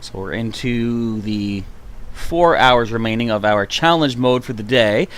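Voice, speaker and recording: A man's voice: medium pitch, unhurried, fairly bright tone, smooth. A man chatting to himself and his viewers while playing through a live stream, reacting as he goes. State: hiccuping. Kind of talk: gameplay live stream commentary.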